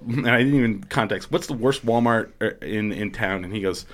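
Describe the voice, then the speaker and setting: A man's voice: fairly low pitch, fairly quick. A man casually telling stories in a podcast chat, acting out quoted voices and swearing freely. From New Mexico, USA.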